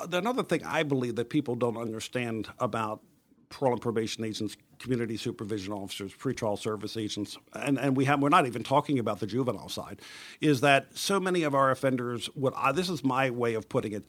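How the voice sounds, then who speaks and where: A man hosting an interview, telling stories with emphatic, lively delivery. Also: mid-range voice, fast. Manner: animated storytelling, emphatic.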